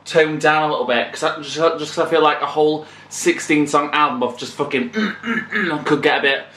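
A man hosting a casual album reaction, excitable and swearing, now and then singing along. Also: on the high side, moderate pace. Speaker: music reaction channel host. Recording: echoey room with loud music behind. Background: music playing.

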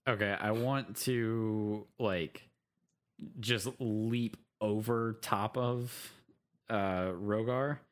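During a casual tabletop game, a man speaks hesitantly, drawing out his words in a fairly low voice with fairly even intonation. He fills his questions about the rules with lots of "like" and "um."

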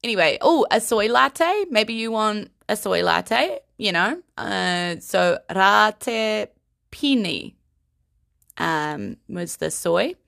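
A woman giving a casual vocabulary lesson in a playful, giggly, unhurried way. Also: medium pitch, vocal fry, fairly bright tone, no echo, studio quality. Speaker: language teacher.

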